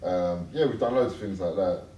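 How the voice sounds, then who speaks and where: Man, low mellow voice, hesitant and laid-back, far from the mic, echoey room. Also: normal speed, highs cut off, a little hiss or hum. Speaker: interview guest, son. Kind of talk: casual interview chat.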